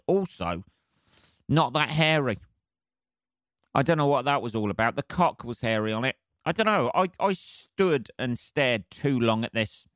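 Male podcast host, mid-pitched, sweary rambling monologue, dry sound. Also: fairly bright tone, no echo. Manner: rambling, heavy swearing, laughs at his own jokes. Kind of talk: casual solo podcast monologue.

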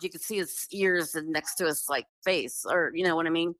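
A woman's voice: lowish voice, brisk, dry recording, poor audio. A woman telling a long personal story in a casual, earnest way, full of "like" and restarts. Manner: earnest, animated, filler-heavy with many restarts. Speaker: guest telling her story.

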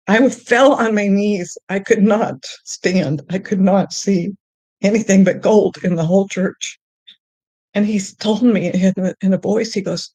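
A middle-aged woman sharing her personal faith testimony in conversation, halting with many restarts, and climbing high and excited when she tells of joy. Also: slightly rough, dry recording.

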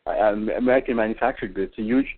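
A man's voice: fairly low pitch, quick pace. A man calling in to a radio talk show, speaking hesitantly with many fillers and restarts, heard over a tinny phone line. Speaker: caller. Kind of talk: call-in radio chat.

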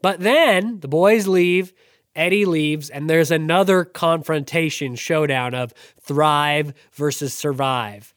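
A podcast co-host with a middle-pitched voice talks through a play in a measured, analytical way. The delivery is discursive, with wry self-aware asides. The sound is dry and close, with no room echo. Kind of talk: casual analytical chat.

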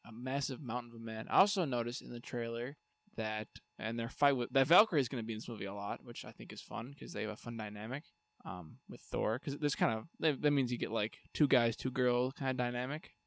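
A man's voice: mid-range voice, quick pace, gravelly, dry recording. A man co-hosting a podcast in casual chat, rambling with restarts and slipping into comic impressions. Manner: rambling, restarts, mimics people in comic voices. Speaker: podcast co-host.

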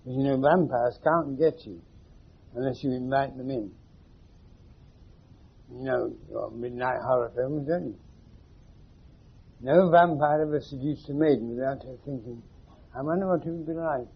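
A wry man teases and questions a small group as he talks through ideas. His voice is husky and medium in pitch. It comes through a muffled, dull 1980s tape. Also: measured pace, pauses often. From England. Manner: wry, teasing, questions the audience directly. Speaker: spiritual teacher. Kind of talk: informal philosophical talk to a group. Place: meeting room with a small audience.

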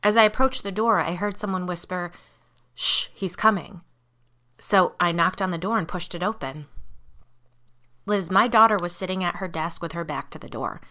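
A woman reading the part of a shaken middle-aged father in a spoken horror story. He sounds tense and exasperated, clipped and blunt, with a bright, pressing edge to the voice. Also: high-pitched, normal speed. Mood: uneasy.

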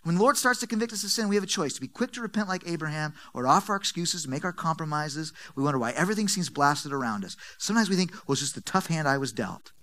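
A middle-aged man preaching a sermon to his church, emphatic and repetitive, with big swings in pitch and volume. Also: animated, very fast, hardly any pauses, a bit bright. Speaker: pastor.

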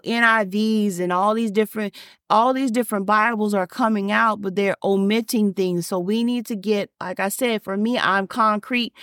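A woman's voice: medium pitch, no room sound, clean studio sound. A woman pastor and podcaster preaching an emphatic, repetitive sermon and reading scripture aloud.

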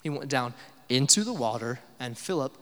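A man's voice: mid-range voice, animated, normal speed, a bit bright, in a large hall. A young adult man preaching a sermon as pastor, conversational, with filler uh's and rhetorical questions.

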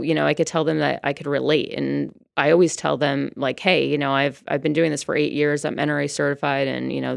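Low gravelly woman, chatty and relaxed. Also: no room sound, clean studio sound. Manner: chatty, many fillers and restarts. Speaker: firearms instructor and brand ambassador. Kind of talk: casual interview answers.

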